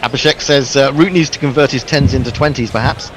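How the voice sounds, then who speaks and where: A man's voice: medium pitch, fairly even intonation, fast talker, background noise. A man hosting casual cricket commentary, hesitant with many ums, reading out listener messages.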